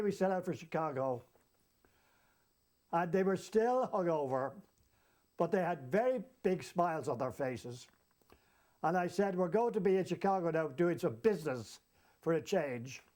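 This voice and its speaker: A man telling a comic travel anecdote as a storyteller, lively and chuckling along as he goes. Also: high voice. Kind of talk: comic anecdote told to an audience.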